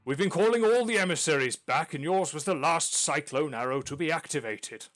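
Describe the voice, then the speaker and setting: Man doing a booming bird-man warrior elder, raised pitch, loud, lively swings. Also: fairly quick. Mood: hearty booming. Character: booming burly eagle-man elder, hearty and boisterous.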